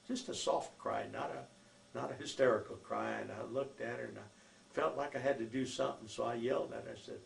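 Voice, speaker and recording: Recorded in an echoey room with a little background noise, an oral history narrator reminisces about his life. The older man's gravelly mid-range voice moves a bit fast with fairly even intonation, and his family stories come out rambling, folksy, and packed with fillers.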